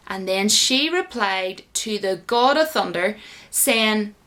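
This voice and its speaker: A woman's voice: medium pitch, moderate pace, a bit bright. A woman giving a casual, indignant and sarcastic rant as a commentator, full of fillers. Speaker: YouTube commentator.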